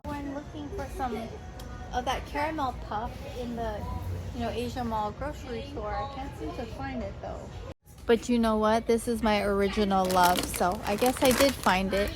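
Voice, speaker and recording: A woman's voice: on the high side, moderate pace, music in the background. Bubbly chatty woman vlogging. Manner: bubbly and chatty, gushing exclamations. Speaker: lifestyle vlogger. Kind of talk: casual vlog chat.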